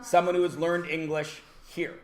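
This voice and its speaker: Canadian male math teacher, slightly high voice, chatty question-and-answer classroom patter. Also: flat delivery, moderate pace.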